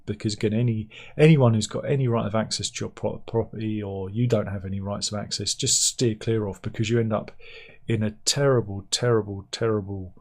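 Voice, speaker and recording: A man's voice: fairly low pitch, fairly even intonation, brisk, few pauses. A man hosting a casual news commentary from home, chatty and wry, often laughing at his own jokes. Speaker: host. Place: home room by a window.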